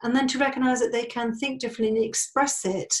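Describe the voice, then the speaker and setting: A woman's voice: a little high, steady tone, quick pace. A woman with a British accent interviewing a guest, affirming and encouraging her answers. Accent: British English. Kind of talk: interview questions.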